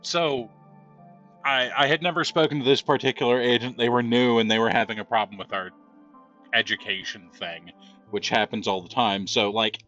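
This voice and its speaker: A gameplay streamer with a medium-pitched, pushed, bright voice gives casual commentary while telling rambling anecdotes and laughing. His storytelling is chatty and meandering, and the recording sounds muffled.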